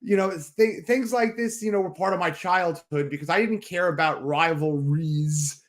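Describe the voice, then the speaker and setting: A man from New York, co-hosting a sports podcast, rambling and excitable as he tells stories in casual chat. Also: a little high, moderate pace. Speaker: podcast co-host.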